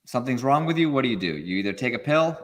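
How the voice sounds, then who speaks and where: A man guest on a podcast interview, explaining in an animated way and acting out quoted feelings. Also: medium pitch, fast. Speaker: guest expert.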